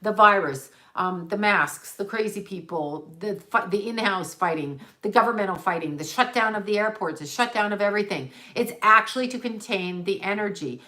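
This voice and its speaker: A woman's voice: mid-range voice, moderate pace, hardly any pauses, bright, forceful tone. A woman, a psychic medium, talking on a livestream as she channels, rambling and correcting herself, repeating words for emphasis.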